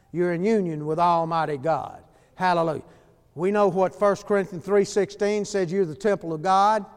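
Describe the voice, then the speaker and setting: A man's voice: high-pitched, clear, resonant tone, in a large hall. A man preaching an emphatic, folksy sermon and breaking into hallelujahs. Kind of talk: fiery sermon.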